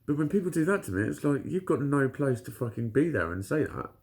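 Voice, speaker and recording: Bloke ranting to camera, gravelly voice, lots of swearing, bounces up and down a lot. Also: male voice, mid-range voice, big pitch swings, brisk, a little mellow. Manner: blunt, heavy swearing, frequent laughs. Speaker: vlogger. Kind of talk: casual storytelling to camera.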